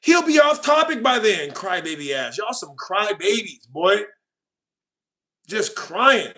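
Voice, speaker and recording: A man's voice: sits high, very animated, normal speed, sharp tone. A young man hosting a casual livestream, ranting at and mocking his chat. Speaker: livestream host.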